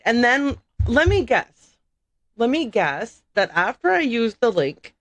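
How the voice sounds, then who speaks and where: A woman's voice: medium pitch, lively intonation, a little slow, no room sound. Chatty woman streaming a game. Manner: chatty, self-mocking, thinks aloud. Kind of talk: casual gameplay livestream commentary. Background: game music.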